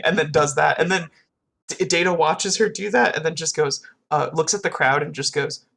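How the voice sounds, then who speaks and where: Gravelly co-host retelling scenes. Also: medium pitch, fairly quick. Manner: animated retelling with acted-out quotes. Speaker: podcast co-host. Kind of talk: casual podcast chat.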